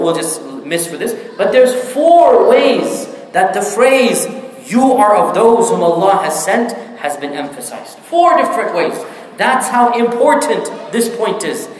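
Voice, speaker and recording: A man's voice: high-pitched, a little hiss or hum. A man teaching Quran commentary as a lecture. He speaks emphatically and keeps checking understanding with rhetorical questions. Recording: very echoey hall with long reverb and faint ambience.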